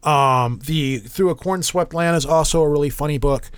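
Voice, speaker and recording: A man hosting a podcast, chatting casually and rambling with many restarts and fillers. His voice sits a little high. The sound is dry and close to the mic. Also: normal speed, clear, resonant tone, no echo. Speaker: podcast host. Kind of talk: casual chat.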